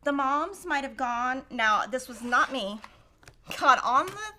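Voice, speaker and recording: Middle-aged lady chatting thru a sewing stream, kinda high voice, bright, tells stories and does math out loud. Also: expressive, slow, slight background noise. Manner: chatty storyteller, thinks aloud over math. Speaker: quilting show host. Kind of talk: casual chat while cutting fabric.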